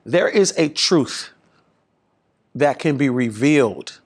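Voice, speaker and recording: A pastor appearing as a guest speaker preaches in an animated style, his pitch and volume rising to drive his points home. He speaks slowly.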